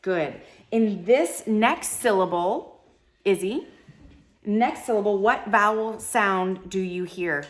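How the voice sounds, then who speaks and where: A woman teacher leading a live classroom phonics lesson, sounding out syllables slowly and encouraging her students. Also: mid-range voice. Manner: slow, drawn-out syllable sounding.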